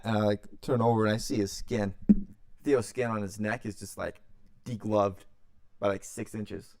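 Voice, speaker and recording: A man's voice: on the low side, a little fast, clear, resonant tone, no room sound, studio quality. A young man, hosting a podcast and telling a long story in a loose, profane way, acting out quotes as he goes. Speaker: podcast host. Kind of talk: casual storytelling.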